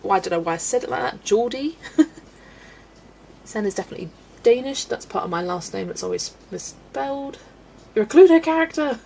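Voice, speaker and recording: A woman hosting a livestream, chatting casually with viewers and laughing often. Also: mid-range voice. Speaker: colouring livestream host. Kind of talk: casual chat reading live comments. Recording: faint background noise.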